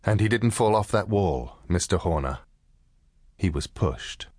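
A man reading an audiobook and voicing a cool, determined woman client, husky and lowered. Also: lively intonation, measured pace, a little mellow, no room sound, studio quality, exaggerated voice. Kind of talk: audiobook character voice.

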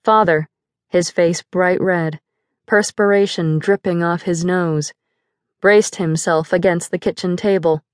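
A woman's voice: on the low side, fairly even intonation, unhurried, no room sound. Woman narrating an audiobook in a dry studio. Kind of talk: first-person audiobook narration. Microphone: close studio mic.

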